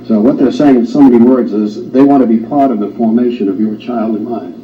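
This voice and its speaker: A man's voice: mid-range voice, a little fast, few pauses. A man hosting a studio discussion, asking pointed questions in an emphatic way. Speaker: host. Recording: roomy, distant, dull old studio tape with faint hiss.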